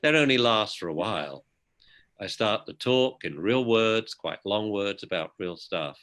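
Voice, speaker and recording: A man with a British accent, a dog behaviour expert giving an outspoken, lively interview. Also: fairly low pitch, unhurried. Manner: outspoken, animated storyteller. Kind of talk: conversational interview.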